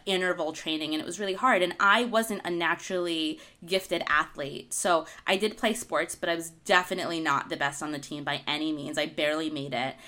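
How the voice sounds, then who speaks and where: A woman telling a personal story in a casual, animated way, often laughing as she talks. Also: on the low side. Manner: animated, laughing through anecdotes. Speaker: author and guest speaker.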